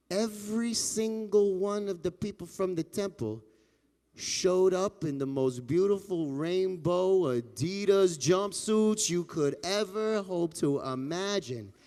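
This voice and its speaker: A man telling a playful children's story at a temple family service, animated and full of sound effects. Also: high voice, in a large hall. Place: temple sanctuary.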